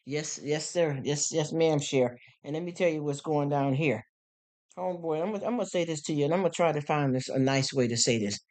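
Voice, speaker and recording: A woman's voice: deep voice, a little fast, darkish tone. A middle-aged woman live streaming, talking bluntly and emphatically with many repeated words while reacting to viewer comments. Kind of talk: casual live stream monologue, reading comments.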